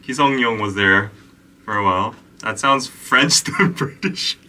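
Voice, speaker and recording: Young guy hosting a livestream podcast, bright voice bouncing all over, laughing a lot, mic a bit far off. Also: fairly low pitch, a little hiss or hum. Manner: upbeat, laughs often, drawn-out excited shout-outs. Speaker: podcast host. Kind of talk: casual livestream chat.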